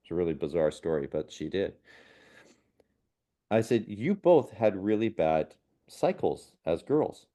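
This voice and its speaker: A man with a lowish, warm, mellow voice, speaking as a medium on a podcast. He tells personal stories earnestly and without hurry, sometimes laughing softly or restarting a sentence. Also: big pitch swings, unhurried, long pauses. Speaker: guest, spiritual medium and healer. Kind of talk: reflective personal storytelling in a podcast conversation.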